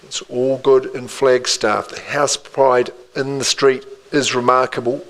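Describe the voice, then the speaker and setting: A New auctioneer calling bids live in an indoor room. He keeps up a rhythmic patter at a mid-range pitch, repeating the figures over and over and dropping in quick friendly asides. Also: level tone, a bit bright, rough recording.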